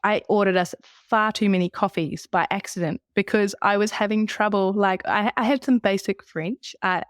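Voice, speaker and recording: A woman's voice: mid-range voice, no echo, clean studio sound. A middle-aged woman with a New Zealand accent, chatting easily as a podcast guest and laughing often. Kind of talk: casual travel chat.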